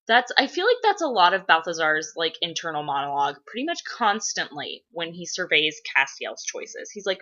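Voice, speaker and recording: Woman, casual vlog chat, rambling, swears often, tense bright tone, lo-fi sound. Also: on the low side, very animated, normal speed, few pauses. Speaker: role-play blogger. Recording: dull lo-fi recording.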